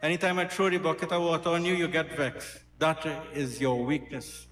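A man's voice: a little high, normal speed, close to an everyday voice. A man voicing a patient old male guru explaining to his disciple. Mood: gentle. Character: calm wise old male guru, gently instructive. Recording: roomy hall, faint music.

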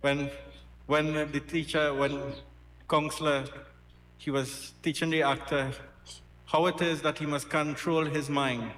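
A man's voice: on the high side, little pitch movement, a little slow, long pauses, fairly bright tone. A man giving a devotional sermon at a gathering. He tells stories in an earnest, repetitive way. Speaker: satsang speaker. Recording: roomy hall, faint music.

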